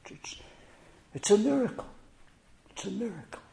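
A male preacher delivering a sermon, slow and emphatic, often dropping to near whispers. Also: high-pitched, animated, gravelly, mellow.

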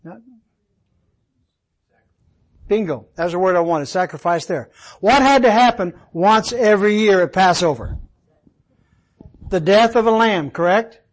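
Man, Bible teacher, high voice, asks the class questions, repeats the key points. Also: lively intonation, normal speed, rough recording. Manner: quizzes listeners with questions, repeats key words. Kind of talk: interactive Bible study teaching.

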